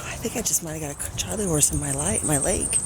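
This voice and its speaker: An American woman vlogs casually as she walks her pets through a neighborhood, chatting with viewers and coaxing the animals in a high sing-song voice. She talks fast and expressively, with background noise in the recording.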